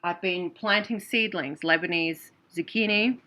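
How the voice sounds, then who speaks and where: Aussie lady vlogging, kinda low voice, sharp and intense, says stuff twice. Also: unhurried. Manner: earnest, repetitive, emotional. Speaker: vlogger and clairvoyant. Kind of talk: casual spoken storytelling.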